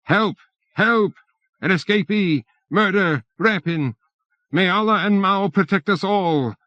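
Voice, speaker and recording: Panicky male official, shrill high yelling, voiced by a man reading aloud; lo-fi cassette audio. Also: slow, dry recording, heavily acted. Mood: panicked shouting. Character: panicky pompous male bureaucrat shouting alarm.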